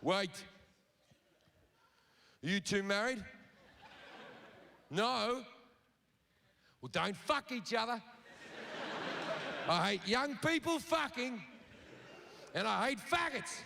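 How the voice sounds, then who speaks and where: A man's voice: high-pitched, expressive, takes it slowly, vocal fry, long pauses, exaggerated voice. A man doing a foul-mouthed, petty God. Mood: grumpy. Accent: Australian. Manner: swearing, whiny then explosive. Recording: live venue with audible noise.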